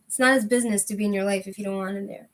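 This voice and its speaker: A woman hosting her own tarot channel, chatting casually and rambling, with lots of "like" and frequent throat clearing. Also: medium pitch, fairly even intonation, very fast, slight background noise. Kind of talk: casual livestream chat.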